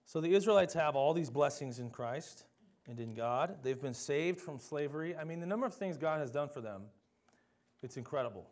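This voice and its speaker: A man's voice: a little high, lively intonation, brisk, darkish tone. Casual young male preacher. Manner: conversational, self-deprecating, mocks complainers with dramatic voices. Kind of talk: sermon.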